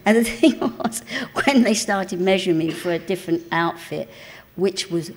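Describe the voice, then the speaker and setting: An older woman with an East End London accent, a guest in a live stage interview, telling chatty, animated stories and often laughing. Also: on the low side, normal speed, slight background noise. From England. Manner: chatty, animated storyteller, laughs often, calls people darling. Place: cinema auditorium with a live audience. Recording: long hall reverb.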